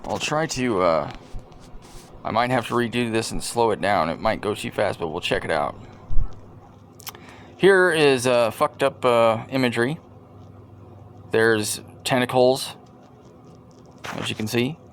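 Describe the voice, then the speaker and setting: Man, mid-pitched voice, deadpan jokey host, rambling casual clip commentary. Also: a little slow, long pauses, a little hiss or hum. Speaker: video host. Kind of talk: casual commentary over video clips.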